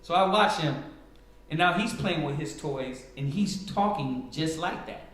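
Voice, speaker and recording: A man's voice: on the high side, expressive, unhurried, a bit bright. A man teaching a live Sabbath Bible class, preaching emphatically and asking rhetorical questions. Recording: echoey room, far from mic.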